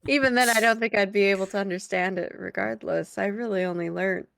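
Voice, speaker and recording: A woman's voice: mid-range voice, steady tone, brisk, vocal fry, fairly bright tone, no echo. A woman playing her character in a tabletop role-play game, chatty and giggly, often trailing off mid-thought.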